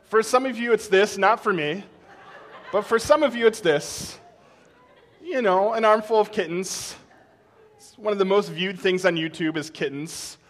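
Male pastor, 30s-40s, higher voice, conversational sermon delivery with easy laughs. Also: unhurried. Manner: conversational and animated, with laughs and fillers. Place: church sanctuary.

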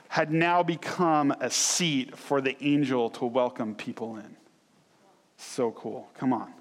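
A man preaching a sermon as a pastor, telling the story with animated asides and sudden loud acted-out outbursts. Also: a little high, in a large hall.

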